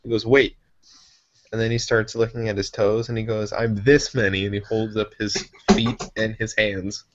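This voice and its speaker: A man's voice: fairly low pitch, monotone, moderate pace, few pauses, slight background noise. A man narrating a tabletop game as game master, playful, often laughing, with stammering restarts. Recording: dull lo-fi sound.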